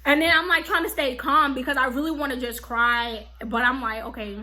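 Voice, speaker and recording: Bright-voiced young woman telling a story. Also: high voice, a little fast. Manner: animated, slangy, frequent "like" and "okay?". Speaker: vlogger. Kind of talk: casual storytime.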